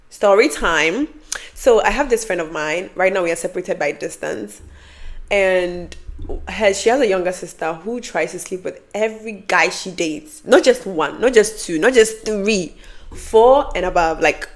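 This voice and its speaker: A young adult woman vlogger giving advice and telling a storytime in an animated, emphatic way with lots of repetition. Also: mid-range voice.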